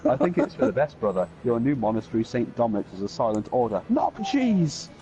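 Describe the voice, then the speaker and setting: A man's voice: medium pitch, huge pitch swings, a little fast, background noise. A man hosting a gaming video, reading comedy sketches aloud in a playful, giggly way. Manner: playful, giggly, swings into silly voices.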